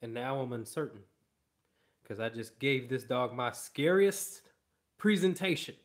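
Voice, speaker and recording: A male dog trainer explains his method in an emphatic way, repeating key phrases for weight. He speaks slowly, with an unhurried delivery. His voice sits at an ordinary middle pitch. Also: lively intonation. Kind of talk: instructional explanation.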